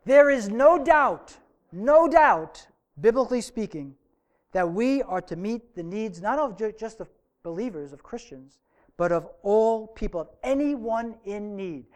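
Male pastor preaching a sermon in a church, bright high voice with a smooth, clear tone. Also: lively intonation. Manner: earnest preaching with emphatic, drawn-out phrases.

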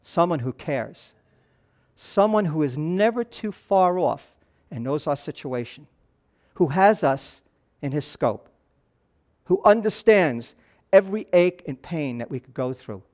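Man, middle-aged, pastor, sermon, high-pitched, hushed to animated swings. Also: measured pace, long pauses.

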